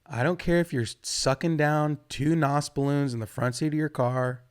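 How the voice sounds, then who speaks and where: A young man doing a stand-up comedy set, rambling and profane, jumping suddenly to loud outbursts. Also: on the high side, steady tone, normal speed, clear, resonant tone.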